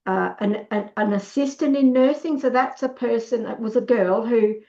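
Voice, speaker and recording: Gravelly woman telling stories. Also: a little high, normal speed, darkish tone, dull audio. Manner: storytelling, acts out quoted lines, many restarts. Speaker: workshop speaker. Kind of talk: casual talk on a webinar.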